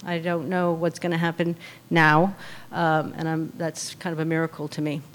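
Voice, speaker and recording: Nervous, hesitant woman speaking low. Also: level tone, normal speed. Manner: nervous, hesitant, many ums and uhs. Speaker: meeting speaker. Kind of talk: personal recovery share.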